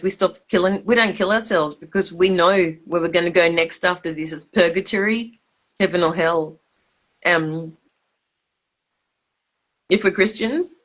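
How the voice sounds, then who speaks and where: A woman's voice: on the low side, muffled recording. A drunk woman, rambling and swearing emphatically on a livestream, stumbling over her words.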